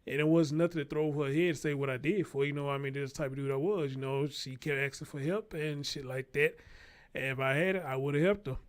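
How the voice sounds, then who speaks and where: A man's voice: fairly high pitch, steady tone, fast talker. A man hosting his own show, giving a blunt, profane, unscripted commentary and repeating his points for emphasis, speaking.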